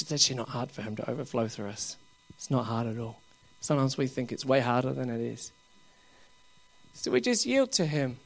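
A man preaching at a revival meeting, laughing often as he coaxes the crowd and rises to loud bursts. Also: mid-range voice, a little fast, vocal fry.

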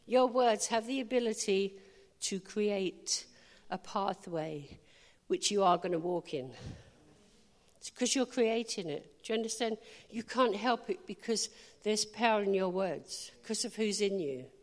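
A woman's voice: mid-range voice, expressive, a little slow. Female preacher, mid-range voice, jokey and conversational, punches key lines; long hall reverb. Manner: humorous and chatty, with emphatic declarations. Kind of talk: informal sermon.

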